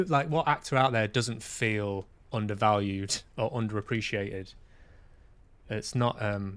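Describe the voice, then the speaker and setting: With a lowish voice that sounds a bit bright, clear, and resonant, this Manchester-born actor and podcast host reflects openly in a relaxed monologue. He pokes fun at himself and curses from time to time.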